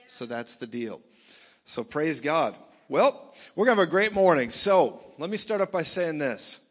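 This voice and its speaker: A man preaching a lively sermon to a church gathering, joking with the crowd and rising to shouts. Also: fairly high pitch, a little slow. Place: church meeting hall. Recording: dull sound in a reverberant hall.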